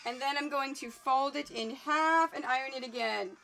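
High, bright young woman, chatty live craft host, faint music behind. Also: creaky. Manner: chatty, quick, thinking aloud. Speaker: quilting livestream host. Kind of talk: casual live tutorial.

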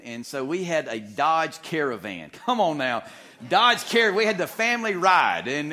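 A male pastor telling a humorous story in a sermon, animated and full of restarts. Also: a little high. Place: church sanctuary.

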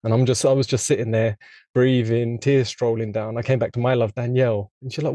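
A man's voice: medium pitch, fairly even intonation, brisk, dark tone, no room sound. A middle-aged man hosting an interview, speaking in an earnest, reflective, rambling way over a video call. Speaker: podcast host. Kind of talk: casual interview conversation.

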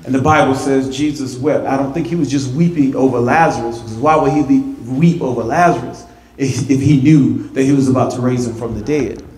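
A pastor preaching a sermon in a church, animated, repeating words and building to emphatic, rising peaks. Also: male voice, mid-range voice, a little fast. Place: church sanctuary. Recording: echoey church sanctuary.

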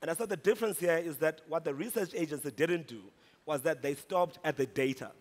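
A man from South Africa giving a humorous, animated conference talk. He tells a story and rises into shouts at the punch lines. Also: a little high, fairly quick. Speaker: speaker at a conference. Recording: long hall reverb.

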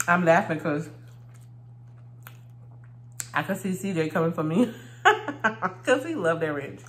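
A woman's voice: on the low side, sing-song, takes it slowly, pauses often, echoey room. Chatty woman eating on phone cam. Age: adult, married. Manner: chatty, laughs often, talks while eating. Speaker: vlogger. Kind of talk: casual mukbang chat.

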